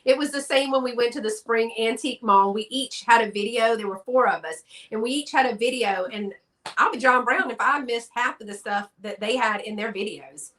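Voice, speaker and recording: A woman's voice: fairly high pitch, fairly quick, fairly bright tone. A woman from Texas with a Southern accent, chatting casually in a live stream and laughing often. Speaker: guest collector.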